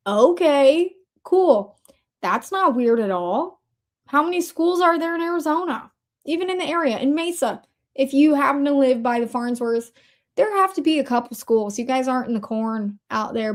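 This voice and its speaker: Chatty sarcastic woman, fairly high voice. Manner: chatty, sarcastic asides, quick shifts in pace. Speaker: host. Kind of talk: casual commentary over screen shares.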